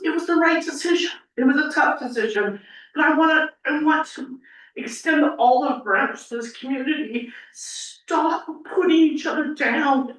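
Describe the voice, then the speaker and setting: A woman's voice: high-pitched, fairly bright tone. A woman giving an earnest, rambling public comment at a city council meeting, tearful as she speaks. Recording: echoey council chamber, mic at a distance.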